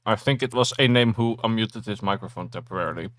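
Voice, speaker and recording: A man's voice: fairly low pitch, quick pace, a bit bright, no room sound. A man chatting in a friendly, rambling way on an online book club call, often trailing off mid-sentence. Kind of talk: casual online group chat. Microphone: video call microphone.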